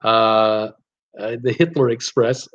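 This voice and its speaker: A man's voice: fairly low pitch, steady tone, slow pace, fairly bright tone, highs cut off. A man hosting a casual live-stream trivia quiz, reading out viewers' guesses with lots of ums and uhs and chuckling at his own jokes.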